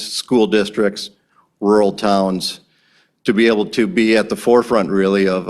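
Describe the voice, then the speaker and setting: Deep-voiced man giving earnest halting remarks. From Wisconsin. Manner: halting, repeats words, earnest. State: a little emotional. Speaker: timber company president. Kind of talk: public remarks at a county board meeting.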